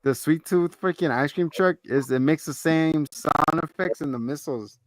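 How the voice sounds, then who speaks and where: A man co-hosting a casual chat, recapping episodes and acting out characters' lines in quick animated bursts. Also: a little high, no echo. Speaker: podcast co-host.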